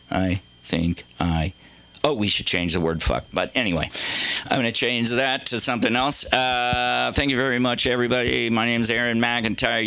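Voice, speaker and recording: A man's voice: on the low side, sharp tone, clear, resonant tone, no echo. A middle-aged man doing a rambling, profane, self-mocking stand-up set on a comedy club stage.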